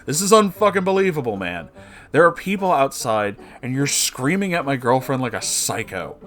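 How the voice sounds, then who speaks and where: A man's voice: mid-range voice, sing-song, a bit bright. A man voicing a fed-up young man who rants at someone. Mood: exasperated. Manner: rapid, exasperated ranting.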